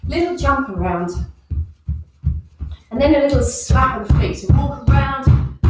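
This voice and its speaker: A woman's voice: high voice, distant mic. A woman leading a guided movement and breathing class, calling out each movement and breath cue as she goes. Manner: instructive, counting out movements and breath cues. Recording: very echoey room, voice from off the mic.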